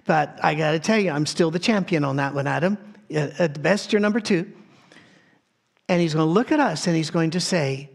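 A male pastor delivers a sermon from a soundstage in a slightly higher-than-usual voice. He preaches conversationally, as if telling a story to friends, and often circles back to restart a phrase. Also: moderate pace, creaky.

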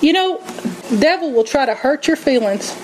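A woman preaching a sermon, telling stories in an animated way and acting out quotes. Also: high-pitched, moderate pace, a little hiss or hum, poor audio. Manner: animated storytelling, acts out quotes, laughs often.

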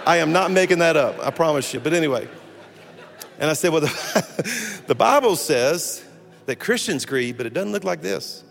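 Animated storytelling pastor in a reverberant hall. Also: male voice, fairly high pitch, moderate pace, vocal fry. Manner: animated, humorous, self-interrupting storyteller. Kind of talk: storytelling sermon. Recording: long hall reverb with faint music.

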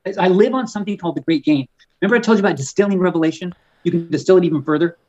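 A man, an author and guest on a podcast, talking in a fervent preaching style, often repeating words and slowing down on key words. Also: high voice, warm tone, muffled recording. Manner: fervent and emphatic, stretching key words slowly; frequent stumbles and repeated words. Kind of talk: preaching-style conversational talk.

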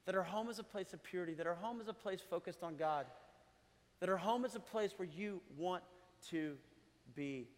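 Middle-aged guy preaching, pretty high voice, chatty with little laughs, lots of reverb like a big church. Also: moderate pace. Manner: conversational preaching with laughs and asides. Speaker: pastor. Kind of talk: sermon. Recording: long hall reverb.

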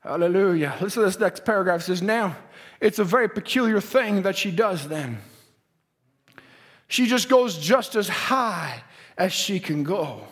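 A male preacher delivering a sermon, swinging from shouted, singsong lines to quiet asides. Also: high-pitched, expressive, normal speed.

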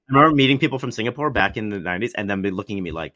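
Man, deep low voice, middle-aged, American, animated storyteller, dry close sound. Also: quick pace, no room sound. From United States. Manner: animated, acts out quoted voices. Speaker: actor. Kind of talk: casual storytelling conversation.

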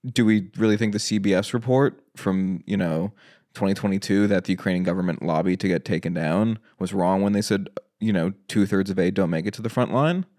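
A man debating the war on a casual podcast, speaking in halting bursts full of "like" and "right?". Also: sits low, darkish tone. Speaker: podcast guest.

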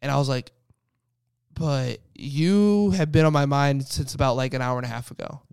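A man's voice: medium pitch, normal speed, creaky, a little mellow, smooth, dry recording, clean studio sound. A young man co-hosting a casual faith podcast, telling a personal story with lots of restarts. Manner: rambling storyteller with many restarts. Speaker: podcast co-host.

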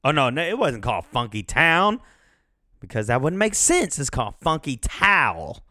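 A man's voice: mid-range voice, sing-song, normal speed, sharp tone, no room sound, studio quality. A man in his thirties hosting a casual podcast, rambling, swearing freely and laughing as he goes. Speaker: podcast host. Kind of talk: casual chat.

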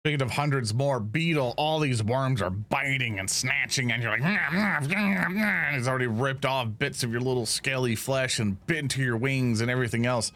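A man's voice: medium pitch, steady tone, fairly quick, few pauses, fairly bright tone. A man running a tabletop game as game master, easygoing and patient with the players.

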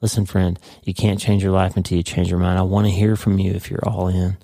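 A man hosting a devotional podcast, teaching earnestly and slowing down to stress key words. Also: low voice, level tone, creaky, mellow, dry recording. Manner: earnest, emphatic, slows down for dramatic stress.

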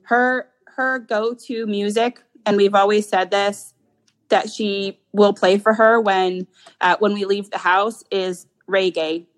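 A woman's voice: medium pitch, steady tone, slow, rough recording. A woman talking about her dog as a guest, chatty and rambling, with lots of fillers. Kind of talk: casual interview chat.

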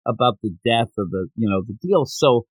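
Animated man rambling through a manga recap. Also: medium pitch, moderate pace, no room sound, rough recording. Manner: rambling, animated, acts out quoted lines. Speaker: podcast host. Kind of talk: casual chat recapping a manga chapter.

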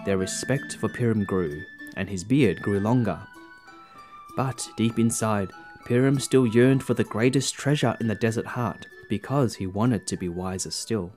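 A man reading his own short story aloud as a storyteller in a gentle storytelling manner. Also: mid-range voice. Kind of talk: scripted narration of a story.

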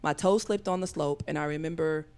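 A woman telling a long personal story as a podcast guest, rambling with fillers and acting out other people's voices with big jumps in pitch. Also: fairly quick, darkish tone, smooth. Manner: talks in rambling runs with many fillers.

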